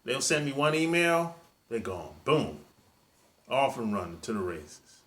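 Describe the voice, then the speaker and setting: Bright-voiced man giving emphatic advice. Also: medium pitch, sing-song, unhurried. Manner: emphatic, repetitive, preachy; colloquial, drops verb endings. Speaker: dating coach. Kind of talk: monologue dating advice.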